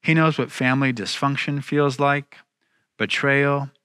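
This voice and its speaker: Bright-voiced man preaching a sermon. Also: medium pitch, steady tone, clear, resonant tone, no echo, clean studio sound. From United States. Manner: earnest, emphatic preaching with slowed key phrases. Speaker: pastor. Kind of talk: sermon with scripture reading.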